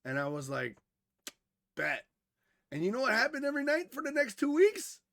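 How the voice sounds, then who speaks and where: A man co-hosting a podcast, telling a story casually, animated and swearing freely, who grew up in Wisconsin. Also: very high-pitched, quick pace, no echo, clean studio sound. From Wisconsin, USA. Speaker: podcast co-host.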